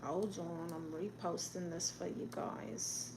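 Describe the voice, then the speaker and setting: Her voice is on the low side and fairly even, taking things slowly over background noise. She hosts a livestream as a brash, bragging Brooklyn aunt of middle age who plays therapist, reading chat comments with blunt sass and a Brooklyn accent.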